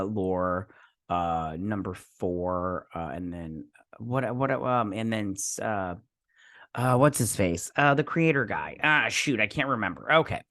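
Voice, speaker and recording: A man's voice: lowish voice, a bit bright, no room sound, clean studio sound. A man hosting a casual episode review, rambling and hesitant, with lots of fillers and restarts, and often poking fun at his own memory. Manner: self-deprecating. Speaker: show host reviewing a TV episode.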